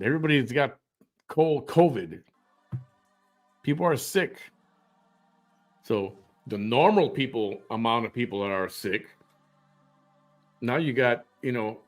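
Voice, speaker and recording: A blunt man talking straight to his audience in a reaction commentary. His pitch sits mid-range, and he fires off challenging rhetorical questions. Faint music plays underneath. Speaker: host. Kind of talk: opinion commentary reacting to clips.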